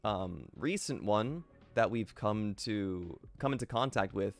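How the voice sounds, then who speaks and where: A man chats casually through a live game stream, thinking out loud and stumbling over fillers as he puzzles things through. His voice sits on the low side. Soft music plays faintly behind him. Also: unhurried. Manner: thinks aloud, reads chat, many fillers.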